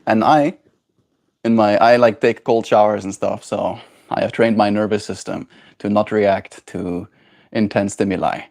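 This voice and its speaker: A young man streaming casually from home, chatting and slipping into high sing-song baby talk with his pet bird. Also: steady tone, measured pace, vocal fry, a little mellow. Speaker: daily livestreamer. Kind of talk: casual chat. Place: home, indoors.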